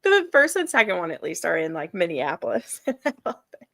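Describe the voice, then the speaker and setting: A woman's voice: lowish voice, very animated, fairly quick, creaky, pushed and bright, no echo. A woman hosting a live reading stream, chatting casually and laughing often as she gushes about books. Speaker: readathon host.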